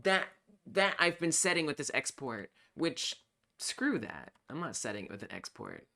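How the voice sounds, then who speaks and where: A game developer on a live coding stream, thinking aloud while debugging, excitable and self-talking. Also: medium pitch, moderate pace, gravelly.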